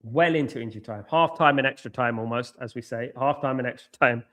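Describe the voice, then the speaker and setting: A man hosting a live football watchalong, chatting to viewers by name and reacting excitably to each moment of play. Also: mid-range voice, quick pace. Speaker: watchalong host.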